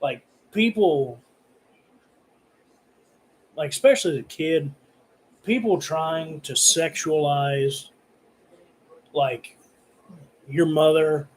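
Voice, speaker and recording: In a rough recording with a bit of hiss or hum, a man with a slightly high voice rants casually to his own camera about horror movies. He swears heavily and rambles, padding his speech with fillers.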